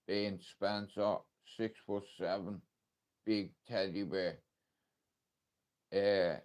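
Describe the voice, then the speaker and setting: Casual Irish male streamer, low-ish pitch, emotional and blunt, swears freely. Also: darkish tone. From Ireland. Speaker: livestreamer. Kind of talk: casual live stream talk.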